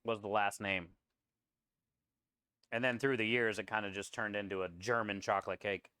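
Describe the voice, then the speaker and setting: A male chef talks his way through prep on a live stream, rambling from one dish to the next and stopping to answer chat. His voice is bright, smooth and a little high, recorded dry and close with no room sound, though he drifts off mic now and then as he moves around the truck kitchen. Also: steady tone, moderate pace, no echo. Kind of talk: casual live-stream chat while cooking.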